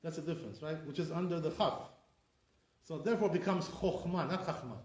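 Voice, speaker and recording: A rabbi is teaching a class in a roomy, echoing space, and his voice sits a little on the high side for a man. He explains step by step and keeps checking in with his listeners. He often says sounds aloud to show how they go. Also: quick pace, darkish tone. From Sephardi community. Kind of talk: informal Torah class. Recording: echoey room.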